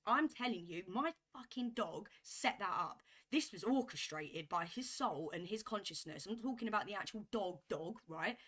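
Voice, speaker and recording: A woman telling a story to camera in a vlog, animated and emphatic, repeating herself as she builds a point. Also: mid-range voice. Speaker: vlogger.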